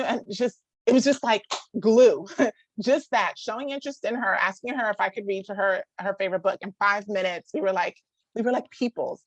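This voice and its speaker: Talking to a live group about raising kids, a woman in her thirties keeps it chatty, full of "like" and quick restarts, laughing now and then and acting out others' voices. She has a mid-range voice, recorded in lo-fi quality without echo.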